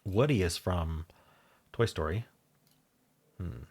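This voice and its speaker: A man with a deep voice and a touch of husk hosts a casual puzzle stream. He thinks out loud, wandering between guesses and doubting himself. He speaks close to a desk mic in a quiet home room. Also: slow pace, slightly rough. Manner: thinks aloud, musing and unsure. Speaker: puzzle video host. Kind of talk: casual solo puzzle commentary.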